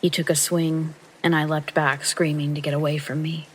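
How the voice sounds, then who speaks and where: A narrator reading a true scary story aloud in calm, steady first person, meant for sleep listening. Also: mid-range voice, moderate pace, hardly any pauses, breathy edge, poor audio. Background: rain sounds.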